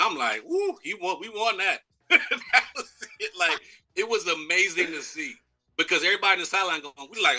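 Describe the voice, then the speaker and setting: An American man in his thirties recounts a practice story with real animation, jumping into quoted lines and laughing along the way. His voice is very bright and forward, pitched at an ordinary middle height for a man. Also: rough recording. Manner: lively storyteller who acts out quotes and laughs. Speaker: former pro football player, guest. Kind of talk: animated storytelling in a live interview.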